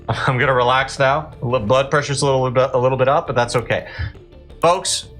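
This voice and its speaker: Forceful, heated male commentary host. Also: medium pitch, fairly even intonation, fairly quick, soft background music. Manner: heated, indignant and blunt. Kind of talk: reaction commentary.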